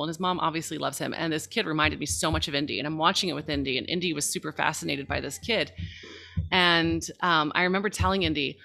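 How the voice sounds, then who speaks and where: A woman, a mother, talking casually and reflectively about raising her young son, growing animated as she retells moments with him. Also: low-pitched, vocal fry. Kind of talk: casual podcast conversation.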